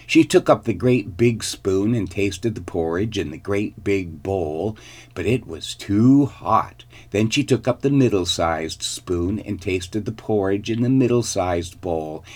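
A man reading a children's fairy tale aloud, slow, deliberate and expressive. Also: on the low side. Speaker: narrator. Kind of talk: storybook reading.

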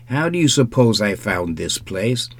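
A man reading an audiobook, voicing a calm, dry, quietly mocking private detective close to his own voice. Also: lowish voice, measured pace, heavily acted. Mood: cool, sly. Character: cool, sardonic private detective.

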